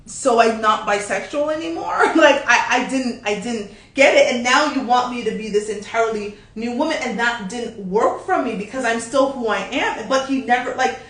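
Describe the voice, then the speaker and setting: A woman's voice: fairly high pitch, normal speed, few pauses, fairly bright tone. A woman co-hosting a candid couple's chat, talking bluntly and animatedly and laughing often. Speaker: podcast co-host. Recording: echoey room, distant mic.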